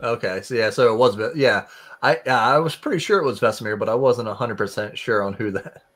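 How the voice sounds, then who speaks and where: A man hosting a casual book discussion, retelling scenes and acting out characters in quick voices. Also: mid-range voice, fairly bright tone.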